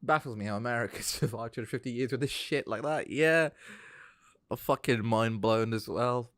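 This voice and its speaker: A young man streaming a game, ranting excitably with heavy swearing. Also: mid-range voice, normal speed, no echo. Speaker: gaming streamer. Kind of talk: live-stream rant.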